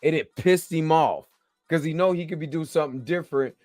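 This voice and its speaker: A man's voice: fairly high pitch, fairly quick, a little mellow, no room sound, soft background music. A tired man, yawning after a long work shift, hosting a casual, slang-filled, rambling review of a TV episode. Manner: rambling, slangy, chatty, keeps asking "you know what I'm saying". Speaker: show host reviewing a TV episode.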